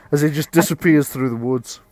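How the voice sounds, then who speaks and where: A man's voice: a little high, moderate pace, darkish tone. Give me a chatty man running a tabletop game. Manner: chatty, laughing, loose. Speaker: game master.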